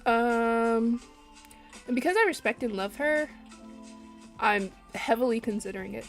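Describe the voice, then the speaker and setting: A woman chatting casually to her live-stream audience while she draws, animated and laughing at herself. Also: on the high side, a little slow. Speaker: artist streaming while drawing. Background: faint lo-fi music.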